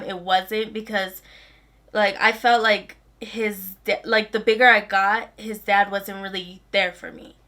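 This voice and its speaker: A woman's voice: medium pitch, pushed and bright. A woman in her twenties telling a personal story to camera in a chatty, casual way, full of "like" fillers. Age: 20s. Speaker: vlogger.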